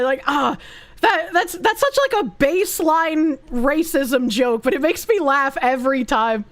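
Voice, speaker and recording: A woman's voice: high-pitched, expressive, measured pace, a bit bright. A woman streamer chatting casually with her audience, crude and teasing, breaking into bursts of laughter. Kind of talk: casual chat.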